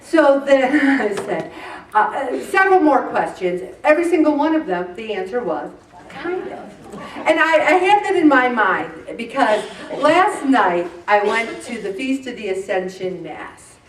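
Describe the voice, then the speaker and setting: Middle-aged woman, faith-show host, high pitch, lively self-mocking storyteller; roomy, off-mic sound. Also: unhurried, distant mic. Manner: animated, self-mocking, laughs often through the story. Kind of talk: personal storytelling talk on faith. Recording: roomy sound, voice off-mic, faint background noise.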